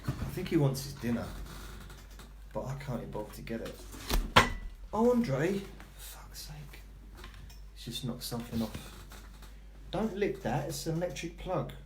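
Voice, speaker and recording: A man chats in a loose, rambling way, talking to his cat between remarks. His pitch swings widely, and the room rings with echo. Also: lively intonation, moderate pace, pauses often, noisy background. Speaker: vlogger. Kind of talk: casual live-stream chat. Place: home.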